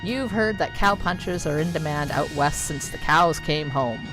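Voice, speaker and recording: A woman's voice: low-pitched, expressive, moderate pace. A woman streaming a video game, reading its text aloud with playful, wry asides in casual commentary. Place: home streaming setup. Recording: game music playing behind the voice.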